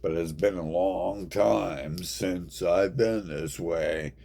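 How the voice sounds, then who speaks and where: A man with a very low, gravelly voice and a dark, heavy tone, talking slowly in a rambling monologue to camera. He mumbles and halts between phrases with a flat, deadpan delivery.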